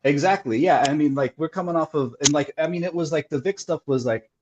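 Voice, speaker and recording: A man's voice: a little high, fast talker, highs cut off, background noise. A man who is a TV writer, a guest on a podcast, talking over a call in a rambling way and saying "like" over and over. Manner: rambling, heavy use of "like". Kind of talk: casual interview chat.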